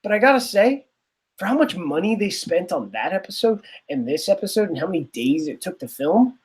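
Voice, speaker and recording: A man's voice: sits high, very animated, a little fast. A man co-hosting a podcast in casual chat, rambling and sarcastic, often trailing off. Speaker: podcast co-host.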